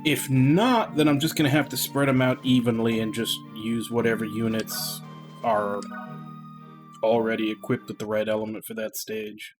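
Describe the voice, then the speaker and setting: A man's voice: medium pitch, steady tone, moderate pace, soft background music. A man streaming a game, musing aloud in casual commentary as he plans his next moves.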